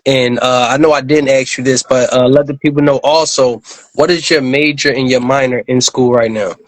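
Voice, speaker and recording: A man hosts an interview, asking long, halting questions that he restarts over and over, and affirming his guest warmly with repeated approval. His voice sits in a middle range and sounds dry and close. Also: mid-range voice, steady tone, no echo, poor audio. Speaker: interview host. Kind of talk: casual interview.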